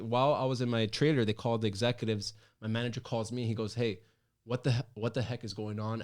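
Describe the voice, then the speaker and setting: A man in his thirties, hosting his own talk show, tells a personal story in casual chat, animated and emphatic with many restarts. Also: fairly low pitch. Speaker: podcast host.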